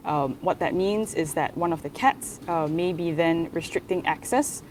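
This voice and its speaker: Female veterinarian, measured and explanatory, slightly low voice, faint noise. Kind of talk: explaining pet care.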